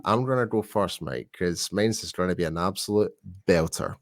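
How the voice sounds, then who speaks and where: A man's voice: deep voice, normal speed, no room sound, clean studio sound. A man co-hosting a sports podcast in casual chat, chatty and self-deprecating, laughing easily. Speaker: podcast co-host.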